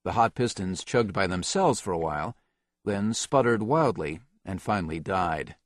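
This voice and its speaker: A man narrating an action novel as an audiobook in a steady, even reading. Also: low-pitched, normal speed, no echo, clean studio sound. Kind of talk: scripted narration.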